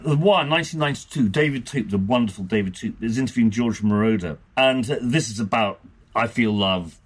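A man's voice: fairly low pitch, fairly quick, slightly rough. A man co-hosting a casual podcast chat, reading quotes in a dry, wry way. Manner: dry, wry, reads quotes aloud in his own voice. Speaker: podcast co-host reading from archive interviews.

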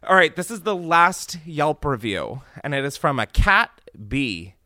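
A man's voice: a little high, unhurried, no room sound, studio quality. A young man hosting a podcast, chatting and joking sarcastically while reading reviews aloud. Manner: animated, sarcastic, swearing, laughing often. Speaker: podcast host. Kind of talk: casual comedic chat, reading reviews aloud.

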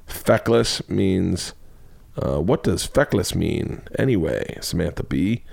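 Profane, rambling American comedian. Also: male voice, low-pitched, slow pace, gravelly. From United States. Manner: profane, rambling, animated storytelling. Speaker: comedian podcast host. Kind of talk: casual comedic monologue.

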